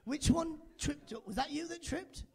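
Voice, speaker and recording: A man's voice: extremely high pitch, moderate pace. A man doing live stand-up on a club stage, teasing the crowd in chatty, playful banter into a handheld mic. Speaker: stand-up comedian.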